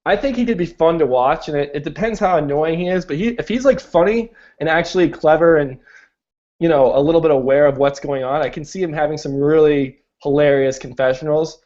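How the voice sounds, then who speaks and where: A man's voice: fairly high pitch, fairly quick, darkish tone. A young man co-hosting a podcast in casual chat, talking with many restarts and fillers. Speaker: podcast co-host. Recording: dull lo-fi recording.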